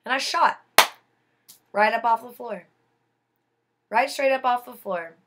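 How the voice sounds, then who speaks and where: Slow, bright-voiced young woman storyteller. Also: fairly high pitch. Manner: earnest, emphatic retelling. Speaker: vlogger. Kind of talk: personal storytelling.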